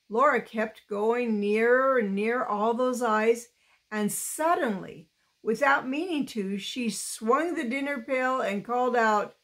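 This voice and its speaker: Slow, careful woman reading a storybook. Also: fairly high pitch, a bit bright. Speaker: storybook reader. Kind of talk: reading a children's novel aloud.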